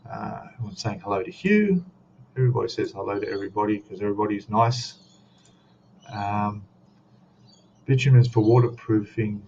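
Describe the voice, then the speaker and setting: A man's voice: on the low side, normal speed, creaky, pauses often, a little mellow. A man with an Australian accent hosting a casual live stream, rambling easily and reading out chat messages as he goes. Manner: rambling, easygoing, reads chat aloud. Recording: dull lo-fi stream audio, faint noise.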